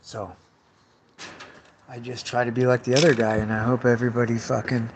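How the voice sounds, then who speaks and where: Over background noise, this middle-aged man speaks briskly in a mid-range voice with little pitch movement. He's a tree care worker vlogging while cutting bottles, rambling casually and swearing a lot as he rants about past bosses and work crews.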